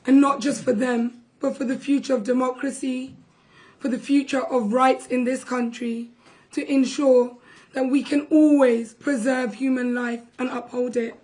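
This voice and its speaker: Young woman, high-pitched, voice worn hoarse, urgent impassioned press statement. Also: level tone, unhurried, a little mellow, rough recording. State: losing her voice, hoarse. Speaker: relative of a hunger striker. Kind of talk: press conference speech.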